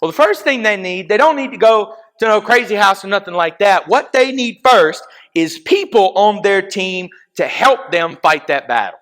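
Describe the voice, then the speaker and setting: A young youth pastor with a drawl, his voice sitting a little higher than most men's. He preaches in a loose, conversational way, asking the room questions and checking they're following before he moves on. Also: expressive, moderate pace, hardly any pauses, a bit bright. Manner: conversational, checks in with frequent "okay?"; talks straight to the audience, asks them questions. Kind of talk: casual youth sermon.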